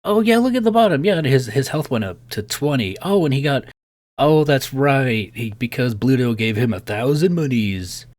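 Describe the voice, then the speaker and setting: A man's voice: mid-range voice, expressive, normal speed, a little mellow. Chatty man laughing through a game. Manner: chatty, laughs often, thinks aloud. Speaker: let's play host. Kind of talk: casual game commentary.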